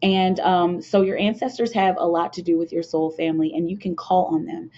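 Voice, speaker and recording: Earnest rambling woman, low and mellow. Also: steady tone, brisk, slight background noise. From United States. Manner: earnest, rambling, with many fillers and restarts. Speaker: spiritual card reader hosting a channel. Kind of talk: casual spiritual talk to viewers. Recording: dull lo-fi home video sound.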